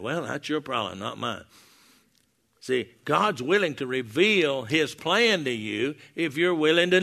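Folksy older male preacher, bright voice. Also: fairly high pitch, gravelly. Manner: folksy, storytelling preacher with many restarts. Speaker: pastor. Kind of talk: sermon. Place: church hall before a congregation. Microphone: wearing a lapel mic.

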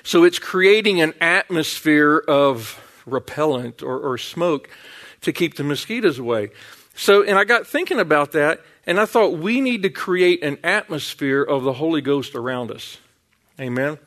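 A middle-aged male preacher in a sermon, telling a homespun tale with easy folksy warmth. His voice sits slightly on the higher side for a man. He punctuates the story with "Amen?" and "Hallelujah.". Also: animated, measured pace. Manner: storytelling, folksy, with 'Amen?' and 'Hallelujah'.

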